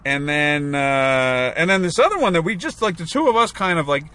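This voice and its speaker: A male podcast co-host talks casually at a moderate pace, his fairly high voice sharp-toned with lively intonation. He rambles, using many fillers and restarts.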